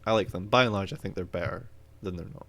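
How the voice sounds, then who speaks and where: Low-voiced man ranting on a podcast. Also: fast, creaky, a bit bright. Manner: opinionated, swears freely, ranting. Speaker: podcast co-host. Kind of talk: casual podcast chat.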